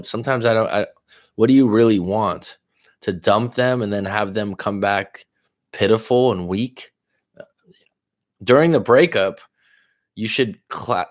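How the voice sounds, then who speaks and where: A man from California, hosting a casual live stream as a relationship coach, reading viewer comments aloud and answering them in a loose, rambling way. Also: on the low side. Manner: loose, rambling, with fillers and restarts.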